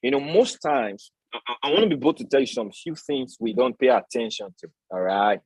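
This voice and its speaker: A man's voice: mid-range voice, animated, a little fast, breathy edge, no echo, low-quality recording. A man hosting a live-stream trading lesson, preaching his points and tagging them with rhetorical questions. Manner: preachy, repeats tag questions like "all right?"; asks the audience rhetorical questions. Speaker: trading educator and stream host.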